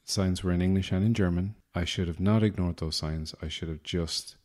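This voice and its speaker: A man's voice: deep voice, steady tone, normal speed, darkish tone. An Irish man hosting a podcast, delivering a rambling, self-deprecating comic monologue with a wry manner. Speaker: podcast host.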